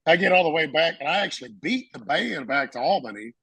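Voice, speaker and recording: A Marine veteran telling a story in a casual interview, acting out the voices of people in it and laughing often. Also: male voice, fairly high pitch, lively intonation, fast, creaky, a bit bright, breathy edge, dry recording, rough recording.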